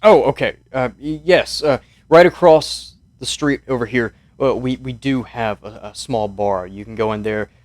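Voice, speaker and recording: A man's voice: medium pitch, normal speed, hardly any pauses, no room sound, lightly acted. A man voicing a weary, polite old village mayor who wants his sleep.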